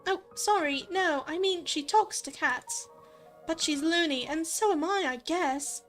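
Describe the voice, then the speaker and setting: A woman voicing a startled, flustered young girl in a game, with excited exclamations. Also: very high-pitched, unhurried, faint music behind.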